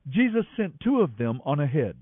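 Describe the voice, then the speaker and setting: A man reading scripture aloud in an expressive, animated way. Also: a little high, normal speed, no echo. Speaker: scripture reader. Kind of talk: scripted narration. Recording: dry, thin phone-like audio.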